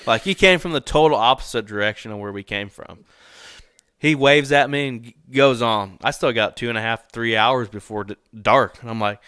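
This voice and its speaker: A young man recounts a story as a guest on a casual podcast, animated and quick to laugh, with the odd swear word. His voice is bright and forceful, smooth and clean. The close mic keeps it dry, with no room sound. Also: medium pitch, dry recording.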